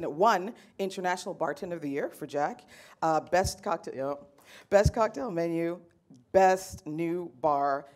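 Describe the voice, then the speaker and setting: A woman's voice: fairly low pitch, darkish tone. Chatty woman moderating a panel. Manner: chatty, playful, lots of fillers. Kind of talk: hosting a live panel talk.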